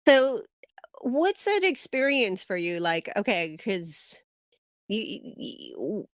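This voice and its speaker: A woman's voice: medium pitch, big pitch swings, slow pace, no echo, studio quality. Woman host asking rambling questions. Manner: supportive listener, asks long rambling questions. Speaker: podcast host. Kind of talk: casual interview conversation.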